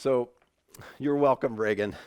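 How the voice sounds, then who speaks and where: A man preaching an online sermon in a relaxed, conversational way, telling a family story with animated asides. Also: mid-range voice, unhurried, smooth, no room sound. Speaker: pastor.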